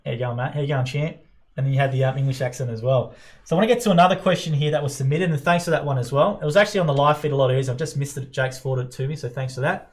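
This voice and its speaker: A man's voice: mid-range voice, very fast. An Australian man hosting a casual live Q&A show, upbeat as he reads out viewer questions and comments. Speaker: show host.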